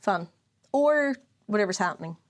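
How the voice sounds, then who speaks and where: A Northern Irish woman co-hosting a casual podcast, animated and emphatic, with plenty of swearing. Her voice sits at a middling pitch. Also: moderate pace. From Northern Ireland. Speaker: podcast co-host. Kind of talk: casual chat.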